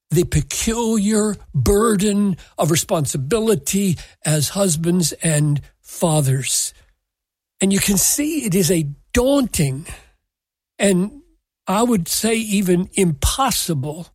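This is a Bible teacher giving a measured scriptural lesson, weighing each phrase with deliberate emphasis and quoting verses word for word. The voice is slightly husky and the pace is very slow. The sound is dry and close, with no room behind it. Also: mid-range voice, darkish tone, no echo. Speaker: Bible teacher answering a listener question.

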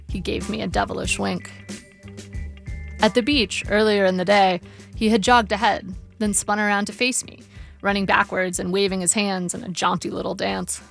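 A woman narrating her memoir in a measured, wry storytelling manner. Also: medium pitch, little pitch movement, vocal fry, fairly bright tone. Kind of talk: memoir audiobook reading. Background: faint guitar music.

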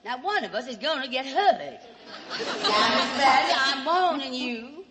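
A woman's voice: medium pitch, animated, normal speed, long reverb tail, over a noisy crowd, very noisy, voice pushed up, natural voice. A woman playing a brash young Southern belle. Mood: coy then indignant. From Alabama. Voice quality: drawling, sugary, theatrical.

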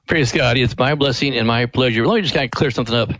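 A man's voice: mid-range voice, fast, a bit bright, dry recording, lo-fi sound. Folksy man telling a story. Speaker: ministry president, guest. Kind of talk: radio interview storytelling.

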